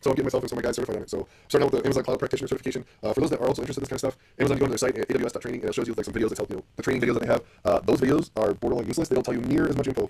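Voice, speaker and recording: A man's voice: mid-range voice, racing, gravelly, hardly any pauses, a little mellow, breathy edge. A middle-aged man hosting a casual solo podcast, blunt and profane as he rants about business. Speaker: podcast host.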